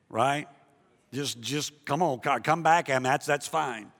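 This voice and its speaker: A man preaching a sermon as a pastor, passionate, dropping to a hush and then building loud again, often repeating himself. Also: medium pitch, unhurried, big-room sound. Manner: impassioned, swings between hushed and loud, repeats himself.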